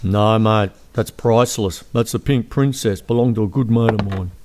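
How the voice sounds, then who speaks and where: A man's voice: on the low side, moderate pace, noisy background. A man playing a drum kit seller in a comic sketch, laid-back and easygoing.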